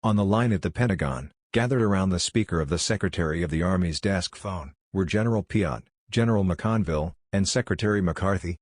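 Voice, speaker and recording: A man reading a government report aloud in a steady, measured way. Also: sits low, dry recording. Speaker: report reader.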